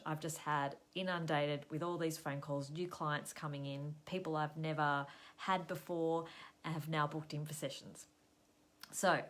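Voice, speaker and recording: A woman's voice: sits low, a bit bright. An Australian woman hosting a live stream, chatting to viewers and telling a story in a casual, conversational way. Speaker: host of a weekly live show.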